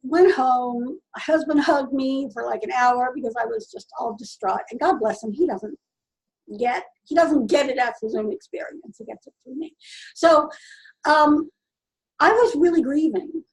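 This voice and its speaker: A woman casually telling a personal story in an earnest, halting way, often restarting her sentences. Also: high voice, rough recording. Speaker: vlogger.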